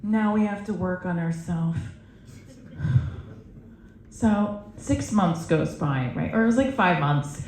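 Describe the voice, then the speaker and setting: A woman in her forties doing a stand-up set, telling stories in a brash, profane, animated way on a comedy club stage. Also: fairly low pitch, takes it slowly, long pauses, a little hiss or hum. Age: 40s. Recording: roomy live club sound.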